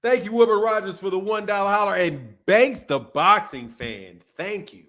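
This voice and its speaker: A man's voice: high-pitched, moderate pace, a bit bright. A man hosting a casual livestream, loosely greeting viewers by name in a chatty way. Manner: loose and chatty, reads viewer names aloud. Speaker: livestream host.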